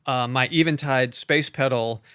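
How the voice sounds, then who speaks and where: A man's voice: medium pitch, measured pace, a bit bright, smooth, no room sound, studio quality. A man who composes music, co-hosting a podcast in a casual, enthusiastic chat, full of fillers and restarts. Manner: enthusiastic, loose, with frequent fillers. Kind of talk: casual conversation about synths.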